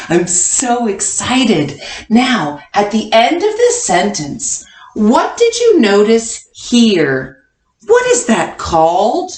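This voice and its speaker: A woman teaching a kindergarten class online, coaxing answers with slow, sing-song hints. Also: on the high side. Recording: echoey room.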